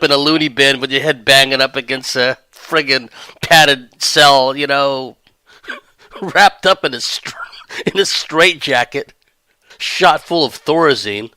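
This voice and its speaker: Male podcast host, rambling sardonic commentary, smooth and resonant voice. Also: medium pitch, a little slow, sharp tone, no room sound. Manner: rambling, sardonic, breaks into laughter. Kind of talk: monologue commentary.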